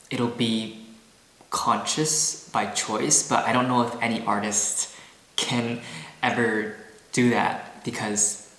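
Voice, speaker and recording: A man's voice: mid-range voice, a bit bright, echoey room, low-quality recording. A man vlogging and talking about painting in a loose, musing way, full of "like" and "you know", indoors in a townhouse. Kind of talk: casual vlog talk. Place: indoors in a townhouse at an artist residency.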